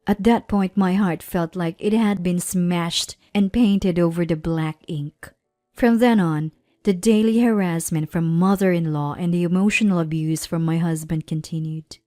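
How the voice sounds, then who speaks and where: A woman in her thirties narrating a personal story in a measured, plaintive way. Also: on the low side, dark tone, dry recording, clean studio sound, faint music behind. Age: 30s.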